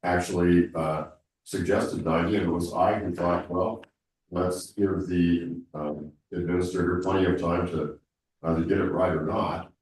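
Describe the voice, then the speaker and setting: A man's voice: low-pitched, steady tone, normal speed, a little mellow. A congested man leading a town board meeting, talking in a rambling way with many restarts. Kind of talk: public meeting discussion. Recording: echoey room, mic far off.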